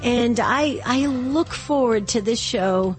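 A middle-aged woman hosting a call-in radio talk show, chatty and slightly hoarse from a cold, often repeating words as she restarts. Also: on the high side, takes it slowly, soft background music. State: slightly hoarse, under the weather. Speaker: radio talk show host and life coach.

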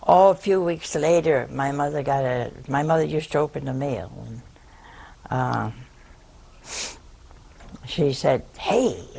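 Older woman, a nun, spinning unhurried self-mocking anecdotes in a gravelly voice. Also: low-pitched, dark tone, a little hiss or hum. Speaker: nun giving a talk. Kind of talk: humorous storytelling talk.

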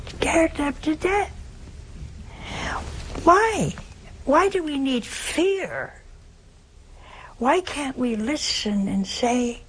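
A nun preaching a sermon in an earnest, storytelling way, asking rhetorical questions. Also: female voice, sits high, very animated, extremely slow, pauses often, a little hiss or hum, poor audio.

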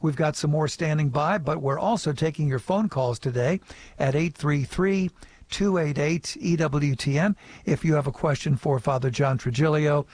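A man's voice: on the high side, dry recording. A man hosting a call-in radio show in a friendly way, reading out listener emails and phone numbers.

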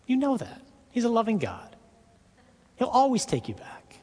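A man's voice: extremely high pitch, wildly swooping pitch, moderate pace, a little mellow, slightly rough, big-room sound, voice pushed up, heavily acted. A man putting on a coaxing, mocking devil. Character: male devil, sweet-talking then accusing.

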